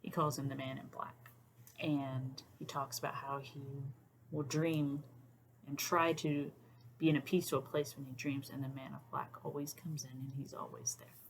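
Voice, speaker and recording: A woman's voice: a bass voice, a little hiss or hum. A woman hosting a casual talk to camera, thoughtful with many "um"s, sometimes dropping to a near-whisper. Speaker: YouTube host.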